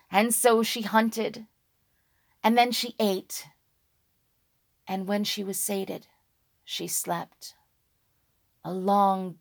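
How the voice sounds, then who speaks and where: A woman telling a dragon folk tale slowly and dramatically, dropping to a hush and rising on key words. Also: mid-range voice, gravelly. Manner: slow, hushed and dramatic, with sudden loud words. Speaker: storyteller.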